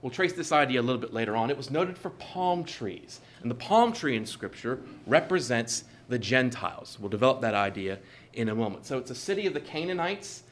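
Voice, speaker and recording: Male preacher, mid-pitched, measured and emphatic, leans on repeated phrases. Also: very animated, a bit bright, a little hiss or hum. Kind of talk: sermon.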